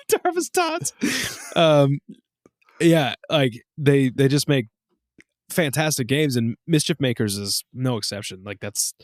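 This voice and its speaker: A man in his thirties co-hosting a casual podcast, telling animated stories with lots of swearing. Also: measured pace, dry recording, clean studio sound. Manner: animated storyteller, swears, acts out quotes in high voices. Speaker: podcast co-host. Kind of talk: casual chat.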